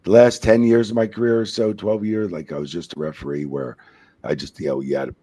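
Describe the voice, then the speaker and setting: A middle-aged man, a retired wrestling referee, telling profane, animated backstage stories on a podcast and acting out the voices in them. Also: sits low, fairly quick. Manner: profane, animated storyteller who acts out quotes. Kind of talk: casual storytelling interview.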